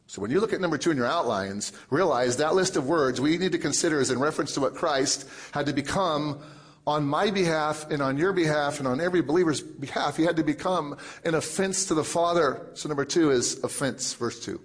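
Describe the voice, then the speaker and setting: A male pastor preaching a sermon, emphatic, with lots of repetition and big swings between loud and soft. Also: on the high side, a little fast.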